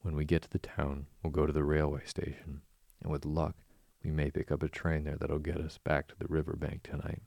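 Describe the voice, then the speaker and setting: Man doing a fed-up practical water rat, deep gravelly, dry close sound. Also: completely flat delivery, brisk, no room sound, heavily acted. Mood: exasperated. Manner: firm and sharp. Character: firm, sensible male water rat, exasperated.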